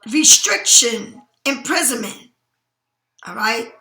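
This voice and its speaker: Woman tarot reader, casual reading, high bright voice, blunt and profane, a bit sleepy, echoey room. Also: animated, takes it slowly. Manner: blunt, emphatic, swears freely. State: sleepy, yawning.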